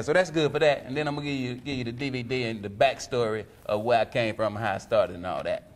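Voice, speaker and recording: Easygoing middle-aged comedian guy, laughs a lot while he talks, medium pitch. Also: quick pace. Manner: laid-back, laughs through his stories. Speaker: stand-up comedian, guest. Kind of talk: casual interview chat.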